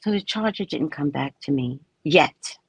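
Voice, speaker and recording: A woman psychic casually telling a story about her neighbors, animated and acting out the people she quotes. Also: sits low, moderate pace, breathy edge, no echo. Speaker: psychic reader.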